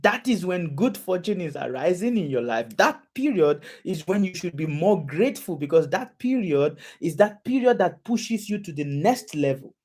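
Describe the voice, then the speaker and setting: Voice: mid-range voice, big pitch swings, moderate pace, hardly any pauses, darkish tone. A preacher delivering a sermon, repeating phrases and asking the audience questions again and again.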